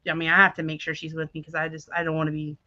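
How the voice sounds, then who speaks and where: A woman's voice: sits low, monotone, very fast, pushed and bright, dry recording. A woman in her thirties co-hosting a casual chat, telling rambling stories, laughing often and acting out what others said. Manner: chatty storyteller who laughs often and acts out quotes. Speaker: podcast co-host. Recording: slightly dull dry recording.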